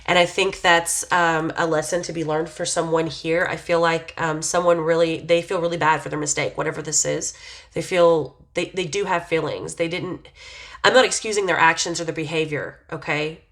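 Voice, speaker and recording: Hesitant lower-voiced woman musing aloud. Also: fairly even intonation, moderate pace, a bit bright. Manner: meandering, hesitant, full of "like" and "um"; reflective, intuitive musing. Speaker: tarot reader. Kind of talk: casual spoken tarot reading.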